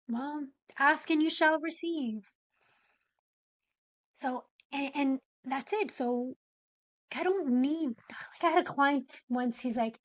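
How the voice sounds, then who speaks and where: A woman in her forties, a podcast guest and coach, explaining ideas in an animated way and acting out example phrasings. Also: high-pitched, a little slow, no echo. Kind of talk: conversational interview.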